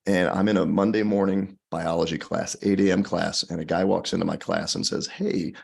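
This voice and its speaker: Deep gravelly man telling his story. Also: normal speed. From Colorado. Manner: animated, acts out quoted people. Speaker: podcast guest. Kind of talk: storytelling in conversation.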